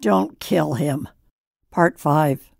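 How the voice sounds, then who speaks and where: Gravelly, slow-reading woman narrator. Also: deep voice, a little mellow, no echo. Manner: measured, solemn reading. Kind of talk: scripted story narration.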